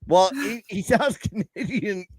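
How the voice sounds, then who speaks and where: A man co-hosting a live sports betting stream, joking crudely and breaking into excited outbursts. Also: sits high, measured pace, husky. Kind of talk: casual banter on a live stream.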